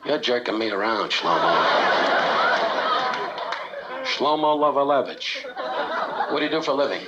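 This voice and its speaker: Brash insult comic, old muffled TV tape. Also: male voice, fairly low pitch, lively intonation, very fast, over a noisy crowd. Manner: brash, needling, laughing at his own jokes. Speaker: comedian working the audience. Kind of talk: insult comedy stand-up. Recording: muffled old TV audio with heavy hiss.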